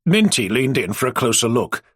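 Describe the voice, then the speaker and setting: A man narrating an audiobook in an expressive storytelling way. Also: medium pitch, normal speed, husky, dry recording, clean studio sound.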